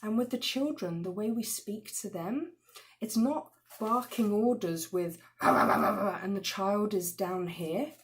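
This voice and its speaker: An expressive woman leads a class on respect in marriage and family. She teaches with energy and acts out the voices of the people in her examples with sudden loud bursts. Her voice sits at a middle pitch. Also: measured pace.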